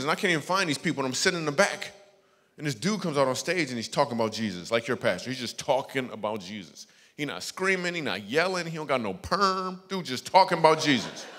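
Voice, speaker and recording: A man doing stand-up storytelling as a guest comedian, lively, acting out the voices of people in his stories. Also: mid-range voice, brisk. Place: church stage before a live audience. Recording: echoey church hall.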